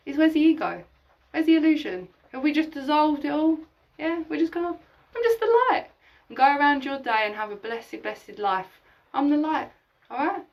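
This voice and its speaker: A woman with a high-sitting voice hosts a live-streamed spiritual session, speaking emphatically, swearing casually, and acting out imagined conversations. The recording is lo-fi, with the mic placed at a distance.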